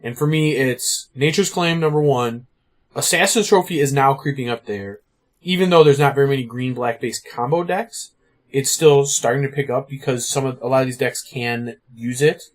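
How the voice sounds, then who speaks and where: A man co-hosting a podcast, chatting casually about card game strategy, full of "like" and "you know". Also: medium pitch. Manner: fast, filler-heavy, lots of "like" and "you know". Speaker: podcast co-host.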